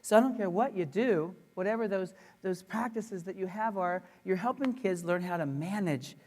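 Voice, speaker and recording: A man giving a conference talk to teachers, animated, playful and emphatic. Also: high voice, moderate pace. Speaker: education speaker. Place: conference room. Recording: reverberant conference hall.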